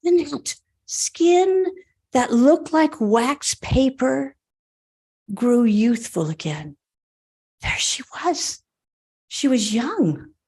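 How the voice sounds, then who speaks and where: Animated, breathy woman telling a story. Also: high-pitched, very slow, pauses often. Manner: expressive, animated, laughs with the audience. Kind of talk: live storytelling performance.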